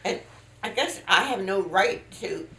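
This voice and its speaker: An older woman, a grandmother, talking haltingly and reflectively in a casual family interview, her voice aged and thin of its old range. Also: mid-range voice, lively intonation, fairly bright tone. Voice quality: aged voice with little singing range left. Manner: halting and reflective, with restarts and trailing off. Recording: roomy echo.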